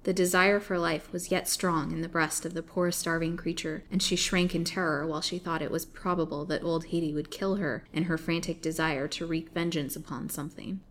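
A woman reading an old serialized novel aloud, expressive and dramatic. Her voice sits on the low side for a woman. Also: brisk, few pauses. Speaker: storyteller.

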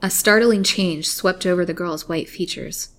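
A woman with a lowish voice reads a serialized melodrama aloud in a measured, dramatic way. Her storytelling is steady and deliberate, a classic read-aloud. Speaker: narrator. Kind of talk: storybook reading of a serialized novel.

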